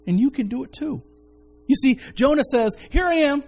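Man preaching a sermon in a high voice. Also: expressive. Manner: preaching with pauses and repeated words, leading prayer. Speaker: pastor.

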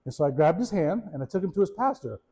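A man, a pastor, giving a casual, animated sermon, often repeating words and asking his listeners questions. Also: on the high side, fast talker, slightly rough, low-quality recording. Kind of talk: conversational sermon.

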